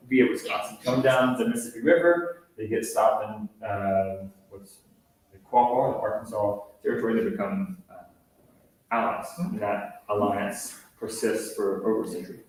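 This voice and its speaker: Distant, echoey man giving a ranger talk. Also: on the low side. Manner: loose, conversational explaining with many fillers. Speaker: park ranger and historian. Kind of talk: guided talk to visitors. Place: indoor room with a group. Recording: very echoey room, voice from far off.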